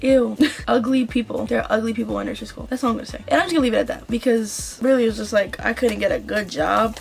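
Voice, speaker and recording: A young woman telling a story from nursing school in a casual vlog, chatty and animated, slipping into mocking voices for the people she quotes. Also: on the high side, creaky. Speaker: nursing student vlogger.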